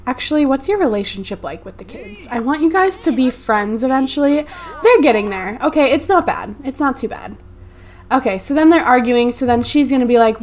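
A woman's voice: fairly high pitch, expressive, moderate pace. A woman hosting a let's play, chatty and narrating each move on a USB desktop mic. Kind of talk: casual gameplay commentary.

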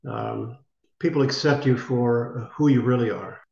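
An older American actor, interviewed, tells a rambling story and imitates the voices of the people he quotes. His voice is medium-pitched, creaky, a little mellow, and unhurried. The recording sounds roomy, dull, and lo-fi.

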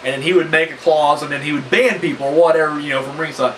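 A man's voice: on the high side, fast, far from the mic, a little hiss or hum, poor audio. A man giving a casual, rambling spoken review of a wrestling match, swearing freely and piling up fillers. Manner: animated, profane and rambling, full of fillers.

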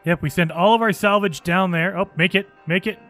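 A man hosting a gaming channel, giving excitable let's play commentary and thinking aloud as he plays. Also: high-pitched, a little fast, soft background music.

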